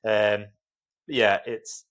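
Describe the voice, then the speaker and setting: A man's voice: fairly low pitch, little pitch movement, drawn-out words, fairly bright tone. A man hosting a football podcast over a video call, upbeat and easygoing. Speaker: podcast host. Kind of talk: casual sports chat.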